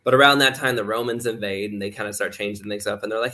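Rambling low-voiced man, bright tone. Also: steady tone, quick pace. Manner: rambling, heavy use of "like" fillers; acts out quoted voices while explaining. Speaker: guest speaker. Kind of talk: casual podcast chat.

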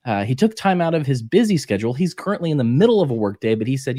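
A man's voice: medium pitch, big pitch swings, fast, mellow, no echo. A man co-hosting a casual podcast, joking and rambling loosely, on a close, dry mic. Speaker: podcast co-host.

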